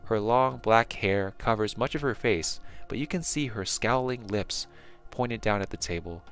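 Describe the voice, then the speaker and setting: A man narrating a second-person fantasy adventure in a measured way, with small slips and restarts. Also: on the low side, a bit bright, faint music behind.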